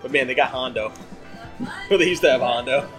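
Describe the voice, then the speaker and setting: Male podcast host, mid-pitched, loose rambling chat with frequent laughs, music behind. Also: normal speed, fairly bright tone. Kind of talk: casual chat.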